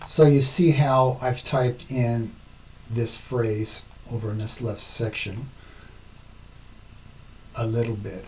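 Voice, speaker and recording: A man hosting a language tutorial, explaining slowly and step by step as he works through his screen. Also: mid-range voice, fairly even intonation, darkish tone, distant mic, a little hiss or hum, low-quality recording. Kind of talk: screen-recorded tutorial narration.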